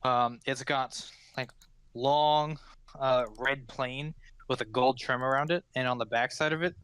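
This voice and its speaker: A man's voice: mid-range voice, steady tone, a little slow, a bit bright, clean tone, no room sound. Rambling male game master, dry. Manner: rambling, full of fillers. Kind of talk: narrating a tabletop game.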